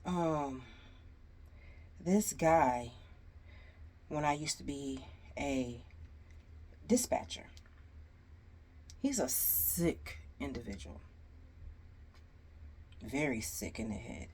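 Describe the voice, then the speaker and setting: A woman's voice: extremely low pitch, animated, very slow, long pauses, a little mellow, breathy edge. A woman telling a storytime to her viewers in a casual, exasperated way, sighing often. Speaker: storyteller vlogger.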